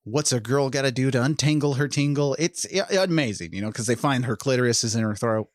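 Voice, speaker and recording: A man's voice: mid-range voice, quick pace, no echo, clean studio sound. A man co-hosting a film podcast, rambling and profane, with restarts and laughs. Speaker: podcast co-host. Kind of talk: casual film podcast chat.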